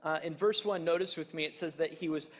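A man's voice: on the high side, steady tone, quick pace. A man preaching a sermon as pastor, earnest and emphatic, often repeating his points. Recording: long hall reverb.

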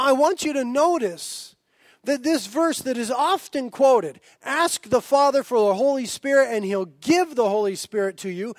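A man's voice: extremely high pitch, no room sound. A man in his thirties preaching a sermon as pastor, earnest and building to fervent emphasis.

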